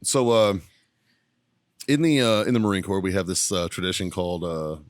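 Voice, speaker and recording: A man's voice: low-pitched, moderate pace, dry recording, clean studio sound. A man hosting a podcast, telling a story in casual chat, swearing constantly and laughing often. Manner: lively anecdote teller, often breaking into laughter. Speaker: podcast host.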